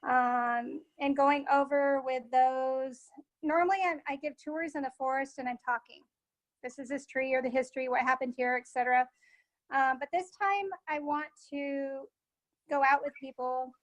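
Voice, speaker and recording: Woman guest, high voice, halting and full of fillers, casual interview. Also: steady tone, poor audio. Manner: halting, many filler pauses. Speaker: guest sound therapist and forest guide.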